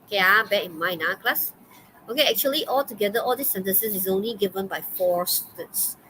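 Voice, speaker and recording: With a Malaysian English accent, a woman teaches an online English class in a loose, chatty style, scattering okays and fillers and laughing often. Her mid-range voice is brisk and sharp-toned, the audio is poor, and a faint noise runs beneath her.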